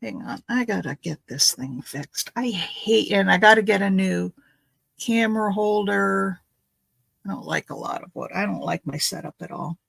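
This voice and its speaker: A woman's voice: mid-range voice, normal speed, vocal fry, husky, no echo, low-quality recording. A woman making a craft video, chatting in a rambling, thinking-aloud way as she opens gifts at home. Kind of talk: casual chatty unboxing.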